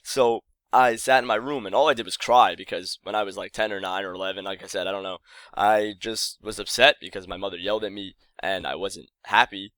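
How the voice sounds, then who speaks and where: A young man tells a childhood story to his viewers in a loose, rambling way, often pausing to correct himself. His voice sits slightly low. The sound is dry and close to the mic. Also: steady tone, a bit bright, no room sound. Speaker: vlogger. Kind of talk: casual storytelling to camera.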